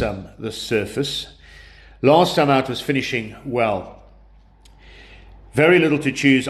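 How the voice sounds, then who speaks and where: A man's voice: medium pitch, fairly bright tone. A man, congested from flu, giving horse racing tips in a businesslike way and rattling off numbers and odds.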